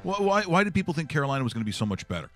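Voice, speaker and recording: A man hosting a casual sports talk stream, tossing quick joking questions to his panel. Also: a little high, very animated, a bit bright, faint music behind. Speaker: host.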